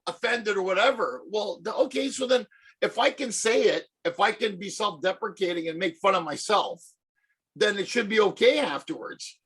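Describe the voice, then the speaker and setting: A man's voice: high-pitched, husky. A man who is a comedian from Canada, telling stories and jokes animatedly in a casual podcast chat. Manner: animated joke-telling storyteller. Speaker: comedian and co-host.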